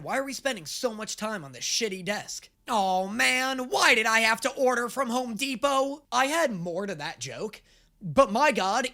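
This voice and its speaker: A man hosting a reaction video, speaking in an excitable, sarcastic and profane way. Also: sits high. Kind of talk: casual reaction commentary.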